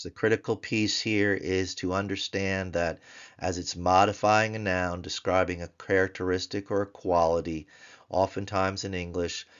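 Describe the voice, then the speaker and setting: A man teaching Biblical Hebrew grammar in a recorded lesson, explaining slowly and chanting word forms in a sing-song voice. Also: sits low, fairly bright tone, highs cut off. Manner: slow, deliberate explanations.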